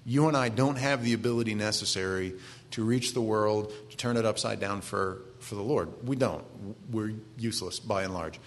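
A man's voice: on the low side, moderate pace. A man in his forties with a Maine accent, preaching a sermon in a conversational way with self-deprecating asides. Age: 40s. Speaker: pastor.

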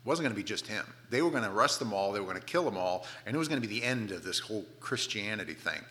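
A middle-aged man preaching a sermon, telling the story with playful asides and dropping to soft, hushed tones for tender moments. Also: lowish voice, animated, rapid-fire. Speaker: pastor.

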